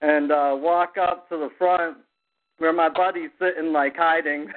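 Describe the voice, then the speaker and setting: A man with a high voice spins a story among friends and slips into the voices of the people in it. The sound is thin and phone-like. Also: unhurried. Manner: animated storyteller acting out quoted voices. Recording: tinny phone-like podcast audio.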